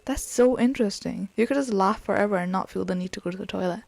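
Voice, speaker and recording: A woman's voice: mid-range voice, fast, creaky, darkish tone, no room sound. A woman co-hosting a podcast in casual chat, curious and thinking aloud with lots of questions. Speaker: podcast co-host. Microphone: remote call.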